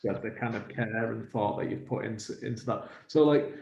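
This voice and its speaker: A man's voice: lowish voice, normal speed, darkish tone, slight background noise. A man from England, hosting a chatty interview and affirming often. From northern England. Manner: chatty, affirming with frequent yeahs. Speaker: podcast host. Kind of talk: casual interview chat. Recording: roomy, dull-sounding call audio.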